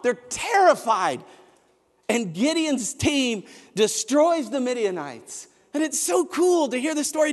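A man preaching a sermon as pastor, telling a story and building to shouted emphasis. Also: very high-pitched. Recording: long hall reverb.

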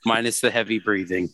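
On a podcast, a man chats casually, hesitant, using plenty of fillers and laughing easily. His voice is on the low side with a sharp tone, and there's no echo.

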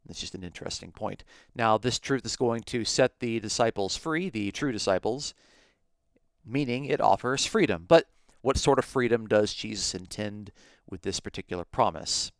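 A man with a lowish, smooth and resonant voice gives a podcast Bible lesson. He works through each point methodically, one step at a time. The sound is close and dry, with no room around it. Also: expressive, moderate pace, no room sound. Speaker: Bible teacher.

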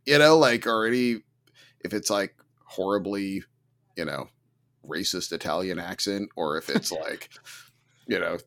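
A man co-hosting a casual gaming podcast, talking with big excited swings in his voice. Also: normal speed. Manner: animated, swings pitch sharply when excited. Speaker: podcast co-host. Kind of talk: casual chat.

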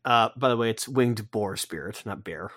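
Somewhat low-voiced male co-host, jokey and quick to correct himself, dry close recording. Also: a bit bright, no room sound. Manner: joking, with self-corrections. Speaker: podcast co-host. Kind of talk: casual chat recapping a comic.

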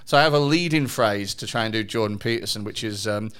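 A man's voice: on the low side, quick pace, fairly bright tone, smooth. A man hosting a podcast in casual chat, swearing freely and laughing often. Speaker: podcast host.

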